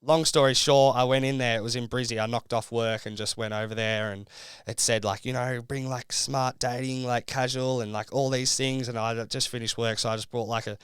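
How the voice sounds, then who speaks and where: A man's voice: mid-range voice, steady tone, brisk, a bit bright, clear, resonant tone, dry recording, clean studio sound. A young Australian man and reality show contestant, telling his story in a casual podcast interview, rambling with lots of fillers.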